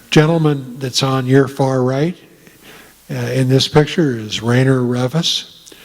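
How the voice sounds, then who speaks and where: An older man, a retired Marine officer, telling folksy stories to a room with many pauses and fillers. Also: mid-range voice. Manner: folksy storytelling, frequent "uh" pauses. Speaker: guest speaker. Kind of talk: casual talk to an audience. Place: meeting room. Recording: reverberant hall.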